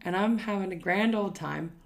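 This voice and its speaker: A woman's voice: mid-range voice, moderate pace, creaky. A young woman, a podcast co-host telling stories in casual chat, loose and profane, often laughing.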